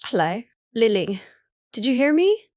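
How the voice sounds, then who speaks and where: A woman voicing an excited teenage girl, the narrator's best friend, calling out loudly in a storybook reading. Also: a little high, measured pace, no echo, clean studio sound.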